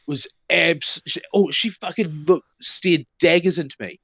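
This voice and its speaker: A man's voice: a little high, expressive, normal speed, fairly bright tone, dry recording, muffled recording. A man, co-hosting a podcast and telling profane stories in casual banter. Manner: profane storytelling. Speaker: podcast co-host. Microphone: podcast mic.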